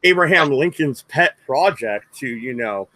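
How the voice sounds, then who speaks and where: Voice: mid-range voice, lively intonation, a little slow, a crowd in the background, rough recording. A young adult co-host of a stream who debates bluntly, swears freely and reads out chat questions.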